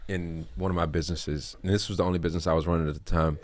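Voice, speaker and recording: A man's voice: low voice, level tone, rapid-fire, a little mellow. A man hosting a podcast who tells a personal story frankly and swears casually in conversation. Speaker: podcast host.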